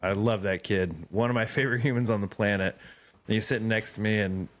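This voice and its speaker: A young adult man co-hosting a casual podcast chat, telling animated stories and acting out other people's lines. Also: fairly low pitch, fast. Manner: animated storyteller, acts out quoted voices. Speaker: podcast co-host.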